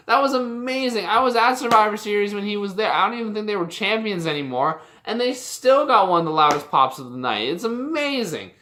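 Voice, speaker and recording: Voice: mid-range voice, expressive, a little fast, few pauses, background noise. A young adult from Canada giving a casual, heated and profane rant on a vlog, often exasperated. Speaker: wrestling commentary vlogger.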